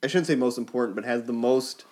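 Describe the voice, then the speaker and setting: A man in casual chat with friends, explaining fan theories in an animated way. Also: medium pitch, quick pace.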